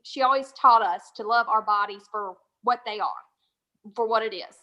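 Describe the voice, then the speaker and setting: A woman's voice: fairly high pitch, normal speed, lo-fi sound. A woman in a casual panel discussion who hedges and circles back to make her point.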